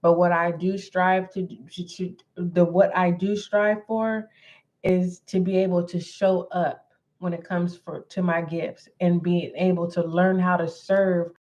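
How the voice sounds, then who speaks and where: A woman giving a tarot reading to her viewers in a deliberate way, often repeating herself and clearing her throat. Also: lowish voice, little pitch movement, a little mellow. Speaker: tarot reader. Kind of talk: slow spoken tarot reading.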